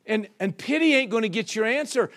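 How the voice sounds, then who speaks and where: High-voiced preacher man, rising fervor. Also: expressive, a little fast, fairly bright tone. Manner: call-and-response preaching, rhetorical questions, acts out quoted voices. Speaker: pastor. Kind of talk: sermon.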